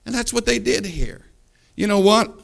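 A man preaching a sermon, fervent, swinging from low asides to loud climaxes and acting out Bible characters as he tells the stories. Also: moderate pace, creaky. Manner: acts out Bible characters in the telling.

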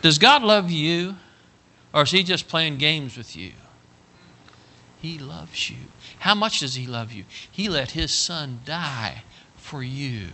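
Bright-voiced man preaching a folksy sermon. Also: medium pitch, lively intonation, slow pace, slight background noise. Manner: folksy storytelling, earnest, swings between hushed and loud.

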